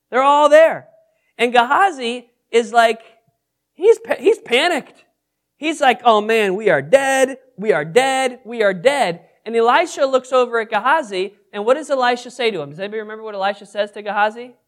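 A man's voice: very high voice, fairly bright tone. A man leading a Bible study in a casual, conversational way, often asking the group questions and adding self-deprecating asides. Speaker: pastor teaching a Bible study. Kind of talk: casual interactive Bible teaching.

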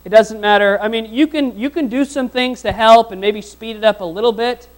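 Male pastor, casual sermon delivery, quizzes the congregation and swings between loud points and soft asides. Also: high voice, fairly quick, low-quality recording. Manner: conversational, asks the congregation questions and repeats phrases.

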